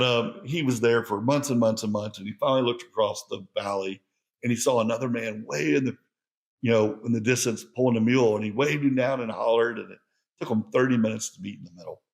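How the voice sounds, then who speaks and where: Earnest gravelly man hosting a podcast. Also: medium pitch. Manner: earnest, conversational, reflective. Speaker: podcast host. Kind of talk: solo podcast monologue.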